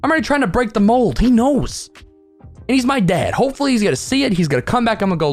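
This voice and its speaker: A young man telling a funny story from his youth in a storytime video, animated and joking. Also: extremely high pitch, fast, faint music behind. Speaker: storytime vlogger. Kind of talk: comedic storytime narration.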